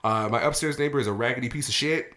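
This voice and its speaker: Guy on a chat podcast, swearing a lot and getting heated, middle-pitched voice. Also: fast, crowd noise. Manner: heated, profane ranting; animated storytelling. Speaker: podcast host.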